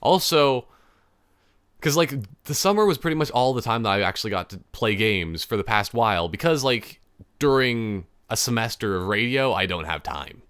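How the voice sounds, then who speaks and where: A man's voice: lowish voice, animated, moderate pace, fairly bright tone, smooth, no echo, studio quality. A young man chatting casually on his own podcast, rambling and interrupting himself, now and then laughing at his own jokes. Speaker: podcast host. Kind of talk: casual solo podcast chat.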